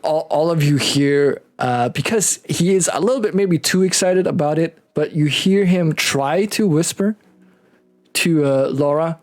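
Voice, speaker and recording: Game master with a slightly high voice. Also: male voice. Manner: casual, halting narration with fillers. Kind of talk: narrating a tabletop game.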